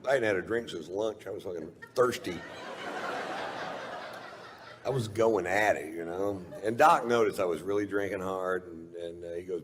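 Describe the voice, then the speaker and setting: A man telling a profane stand-up story in a relaxed drawl, jumping up in pitch for punchlines. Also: moderate pace, a little hiss or hum. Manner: profane, laid-back drawl with big pitch jumps for punchlines. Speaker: stand-up comedian. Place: large venue with audience. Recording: live hall reverb, faint crowd.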